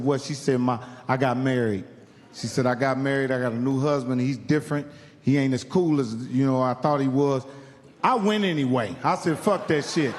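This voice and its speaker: A man's voice: high voice, in a large hall, slight background noise. A man from Indiana doing stand-up, telling a profane story and acting out the other people in it. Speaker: stand-up comedian. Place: live comedy venue.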